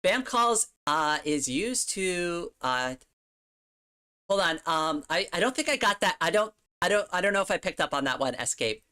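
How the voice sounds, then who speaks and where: Rambling, giggly woman streamer, lowish voice. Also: sing-song, moderate pace, sharp tone, clear, resonant tone. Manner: rambling, lots of "like", giggles often. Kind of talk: casual livestream chat.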